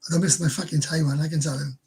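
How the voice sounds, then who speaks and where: This is a Welsh man hosting a loose livestream, his voice deeply husky and worn. He sits a little higher in pitch than most men and rambles as he talks, swearing casually and doubling back on half-finished phrases. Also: fairly even intonation, rapid-fire, mellow. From Wales. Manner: rambling, swears freely, stumbles and repeats words. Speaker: livestream host. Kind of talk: casual livestream chat answering viewers.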